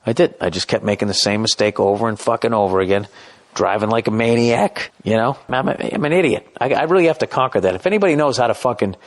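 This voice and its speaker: A man's voice: fairly low pitch, quick pace. Profane ranting middle-aged male podcaster. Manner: profane, self-deprecating, ranting. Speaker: podcast host. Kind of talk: rambling comedic podcast monologue.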